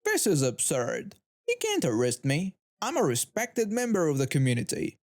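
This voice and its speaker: A shrill, entitled middle-aged woman, as a man voices her in a narrated storybook tale. She speaks high and strained, pushing up toward a squeal, while the voice stays dark and mellow underneath. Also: wildly swooping pitch, moderate pace. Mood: indignant.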